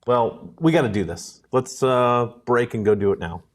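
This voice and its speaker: A man's voice: medium pitch, normal speed. A man co-hosting a casual livestream, eager and playful in banter.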